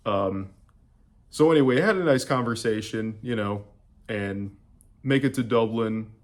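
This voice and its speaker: A man's voice: on the low side, a little slow. A young man from the United States giving a casual, rambling travel recap to camera, full of fillers and restarts. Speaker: travel vlogger.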